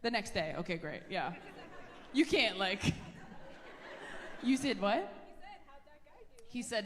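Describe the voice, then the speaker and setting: A woman comedian doing brash, sarcastic stand-up with quick crowd banter. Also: medium pitch, animated. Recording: echoey theater with loud crowd noise. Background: audience laughter.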